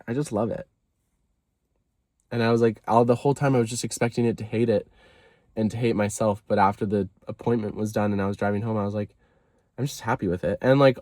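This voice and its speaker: A man's voice: medium pitch, a little mellow, no echo, studio quality. A man talking casually to the camera in a confessional vlog, rambling, apologizing often and filling with "like". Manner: rambling, self-deprecating, full of "like" and apologies. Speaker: vlogger.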